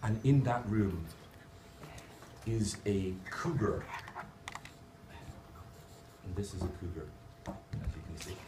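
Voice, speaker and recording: Speaking slowly with frequent pauses, this man has a low, expressive voice and an Irish accent. He delivers a jokey conference talk while explaining his drawings, recorded noisily by a distant camera in a large, reverberant hall.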